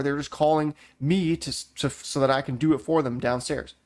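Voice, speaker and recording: A man's voice: a little high, fairly quick, few pauses. A young man from Canada rambling through a profane, heated story while gaming, often restarting his sentences. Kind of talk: casual rant while gaming.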